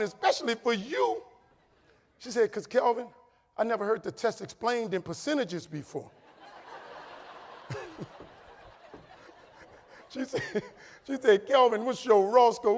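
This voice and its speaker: A middle-aged man with a New Orleans accent giving an animated motivational speech full of stories, acting out the voices of people he quotes. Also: fairly high pitch. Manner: animated, acts out quoted voices, laughing asides. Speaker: keynote speaker. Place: large hall with audience. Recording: long hall reverb.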